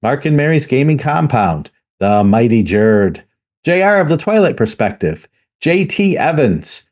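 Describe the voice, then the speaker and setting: A man hosting a tabletop gaming podcast, reading out patron credits in a steady, even way. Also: medium pitch, unhurried. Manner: steady, even delivery reading a list of names. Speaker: podcast host.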